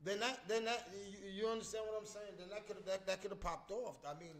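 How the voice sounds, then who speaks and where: A man hosting a casual solo podcast, talking in an animated way with lots of stammered restarts and trash talk. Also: high voice, fairly quick. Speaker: podcast host. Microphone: streaming mic.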